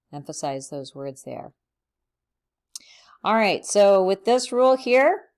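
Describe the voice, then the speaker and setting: A woman's voice: deep voice, a little mellow. A woman explaining a writing mechanics rule, methodically reading example sentences aloud. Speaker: writing instructor. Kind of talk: instructional explanation.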